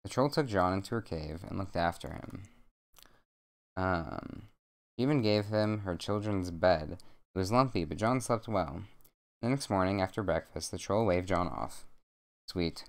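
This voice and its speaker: A young man streaming from home at a desk mic, reading a bedtime story aloud with rambling, jokey deadpan asides. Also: deep voice, measured pace.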